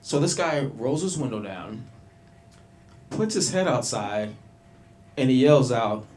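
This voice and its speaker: A man's voice: medium pitch, animated, takes it slowly, darkish tone. A man from Long Beach, California doing a loose, profane stand-up set at an open mic, bantering with the crowd. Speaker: stand-up comedian. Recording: small club with faint noise.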